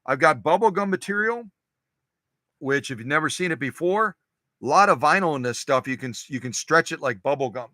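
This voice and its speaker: A man's voice: a little high, lively intonation, fairly quick, bright, forceful tone, no echo. A man hosting a live-stream sewing machine workshop, chatty and digressive, often repeating his phrases. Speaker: sewing machine restorer, show host.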